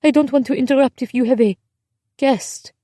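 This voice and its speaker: A woman voicing a frightened, sensitive teenage Jewish girl who speaks softly and haltingly. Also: high voice, dry recording, clean studio sound, voice pushed up. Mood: upset. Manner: soft, tearful, halting.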